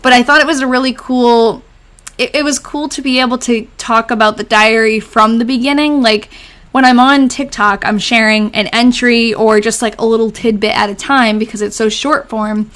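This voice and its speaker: Young woman doing a chatty live stream, bit high voice, laughs a lot, answers comments. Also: fairly even intonation, normal speed, fairly bright tone. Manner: chatty, laughs often, reads comments aloud. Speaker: live stream host reading old diaries. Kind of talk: casual live stream chat.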